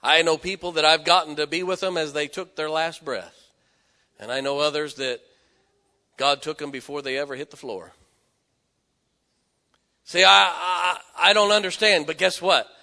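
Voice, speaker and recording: A man preaching a sermon, telling stories and swelling from hushed tones to loud exhortation. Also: on the high side, normal speed, long pauses. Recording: echoey hall with long reverb.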